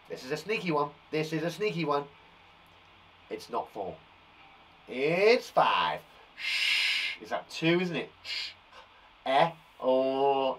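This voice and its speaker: A man from England leading a live phonics lesson for young children, sounding out words slowly with a blocked nose and an encouraging manner. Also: on the high side, a bit bright. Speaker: primary school teacher.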